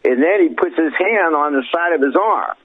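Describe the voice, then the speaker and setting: Husky man on a tinny phone line. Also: fairly high pitch, expressive, normal speed. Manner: mocking, laughing. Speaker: radio show guest. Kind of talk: casual talk radio chat.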